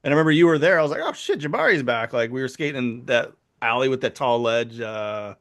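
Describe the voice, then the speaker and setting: Mid-pitched male host, excitable and easily amazed, casual chat. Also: fast. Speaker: podcast host.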